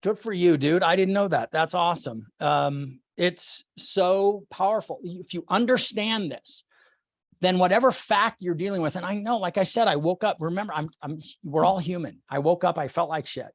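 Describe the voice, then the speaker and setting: A man's voice: high-pitched, normal speed, no echo, studio quality. A man leading a sales team meeting over a video call, blunt and swearing casually.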